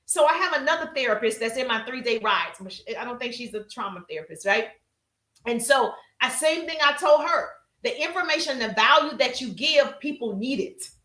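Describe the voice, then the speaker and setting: A woman coaching a live-stream audience on business, with a high, bright voice and a punchy, emphatic delivery. She greets her viewers in the chat as she goes. The room sounds echoey. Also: expressive, normal speed. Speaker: social media business coach.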